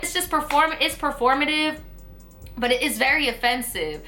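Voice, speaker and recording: A young woman from New York vents straight to camera in a loose vlog rant, blunt and sassy with plenty of swearing. Her voice sits a little high and comes across bright and forceful, with faint music underneath. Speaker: vlogger. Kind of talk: casual opinion rant to camera.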